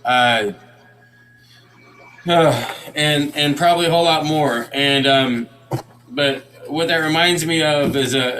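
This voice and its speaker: A man's voice: fairly high pitch, sharp tone, slight background noise. A man hosting a round table, rambling and hesitant with many fillers. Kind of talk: casual chat and joke telling.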